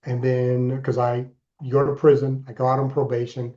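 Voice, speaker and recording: A man in his sixties, a podcast guest, telling his life story in an earnest, deliberate way with emphatic bursts. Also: medium pitch, completely flat delivery, mellow, lo-fi sound. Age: 60s. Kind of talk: personal story in interview.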